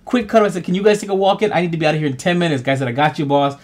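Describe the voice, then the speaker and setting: A man's voice: fairly high pitch, darkish tone. A man co-hosting a podcast, telling stories in casual, playful chat. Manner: playful, quick storytelling. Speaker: podcast co-host.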